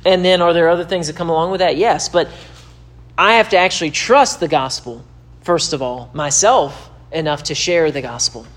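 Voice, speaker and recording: This pastor's teaching to camera comes in a fairly high, slightly bright voice at an ordinary pace. Emphatic and repetitive, he lets his voice climb when pushing a point.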